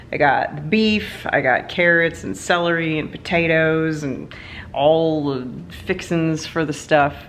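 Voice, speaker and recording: A woman's voice: low-pitched, fairly bright tone, slight background noise. A woman from the United States chatting casually at home in a playful, giggly vlog, sometimes slipping into a silly voice. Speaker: vlogger.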